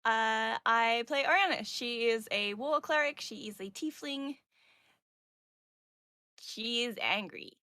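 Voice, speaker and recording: A woman's voice: on the high side, slow, pauses often, pushed and bright, no room sound. A bubbly, self-mocking woman player introducing herself at a tabletop game. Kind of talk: casual chat at a tabletop game.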